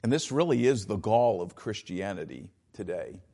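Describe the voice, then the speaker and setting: A man's voice: on the low side, lively intonation, moderate pace, creaky, warm tone. A man preaching a sermon as pastor, explaining scripture with emphatic, dramatized quotes.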